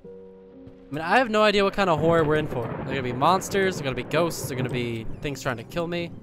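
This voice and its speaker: A young man talks through a horror game in a loose, joking way, swearing freely and acting tougher than he is. His voice sits a little high for a man. Soft piano music plays faintly in the background. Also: animated, quick pace. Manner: profane, jokey, mock-tough. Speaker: gaming video host. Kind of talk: casual let's-play commentary.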